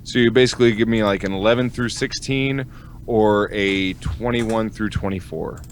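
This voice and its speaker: A podcast host with a low-pitched male voice trades crude, profane jokes in loose casual chat. His delivery is offhand and rambling, with frequent restarts. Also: steady tone, moderate pace, a little hiss or hum.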